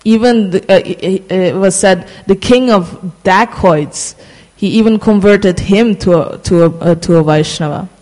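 A casual storyteller recounting a sacred tale, pausing on fillers and stretching out key phrases. The voice sits at a middling pitch. A long reverb trails behind every word. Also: a little mellow. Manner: halting, many fillers and restarts, slows for emphasis.

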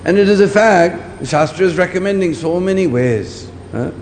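Delivering a scriptural lecture at a moderate pace, a preacher uses an expressive voice that sits high with a darkish tone. He repeats points and checks in with "hmm?" often. The audio features a long hall reverb and faint background noise.

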